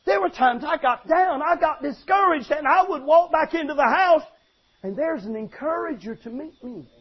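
An older man, a longtime pastor, preaching an animated sermon with emphatic restarts and sudden shouts. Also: very high voice, normal speed, muffled recording.

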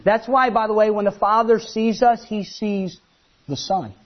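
A man preaches with a high, lively voice, slipping into the voices he quotes. The recording sounds slightly muffled and dull. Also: moderate pace. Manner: animated, acts out quoted voices. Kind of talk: sermon.

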